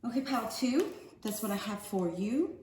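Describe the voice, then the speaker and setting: A woman's voice: a little high, expressive, normal speed, a little mellow. A woman giving a casual oracle card reading. She talks in a loose, rambling, slangy way. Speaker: spiritual card reader. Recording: echoey room with faint ambient noise.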